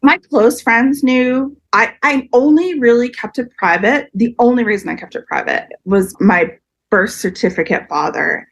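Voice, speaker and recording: A woman's voice: a little high, moderate pace. A woman in her forties candidly sharing a personal story in an interview, often acting out what others said. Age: 40s. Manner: open, emotional, quotes others in lively voices. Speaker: podcast guest.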